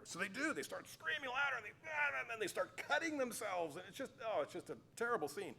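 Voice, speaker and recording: A man teaching a Bible class, telling the stories in an animated, chatty way with fillers and restarts. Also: sits high, quick pace, hardly any pauses, slightly rough. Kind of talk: casual storytelling lecture. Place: cathedral.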